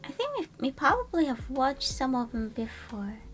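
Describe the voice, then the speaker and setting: A woman's voice: high voice, very animated, moderate pace, fairly bright tone, soft background music. A woman streamer chatting casually and playfully with her viewers, rambling and greeting chat.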